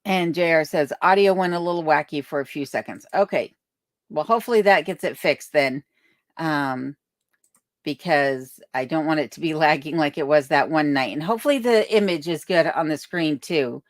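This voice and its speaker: Speaking at normal speed in a deep voice, a woman runs a casual live chat from her remote home in Alaska. She reads comments from viewers aloud and thanks them warmly and chattily, and her boom-mounted desk microphone gives studio-quality sound without echo.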